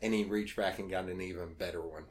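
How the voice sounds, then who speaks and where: A man's voice: sits low, fairly even intonation, fast talker, a little hiss or hum. A man telling casual stories as a podcast guest, acting out the voices he quotes and swearing freely. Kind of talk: casual storytelling.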